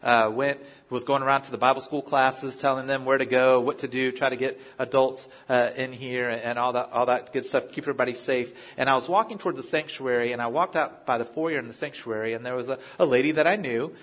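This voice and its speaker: A man's voice: medium pitch, fairly even intonation, brisk, few pauses, fairly bright tone. A male pastor giving a sermon in a conversational way, telling personal stories and often restarting his phrases. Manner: conversational, story-driven preaching with frequent restarts.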